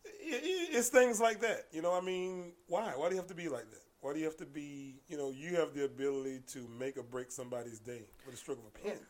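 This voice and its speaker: A man, a martial arts coach, telling stories in a casual podcast chat, animated and quick to laugh, often restarting his sentences. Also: on the high side. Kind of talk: casual conversational storytelling.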